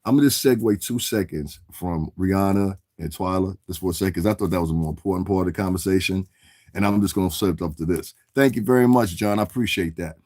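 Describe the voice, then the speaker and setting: Low-voiced New man riffing to chat. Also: fast talker, darkish tone, no echo, clean studio sound. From New York City area. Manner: rambling, streetwise slang, keeps asking "you understand what I'm saying". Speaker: livestream host. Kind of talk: casual commentary answering live chat.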